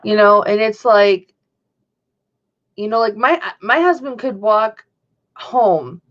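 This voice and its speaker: Chatty woman on a dull lo-fi stream. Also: mid-range voice. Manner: chatty, rambling, reads and answers chat. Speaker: livestream host. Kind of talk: casual chat to a live audience.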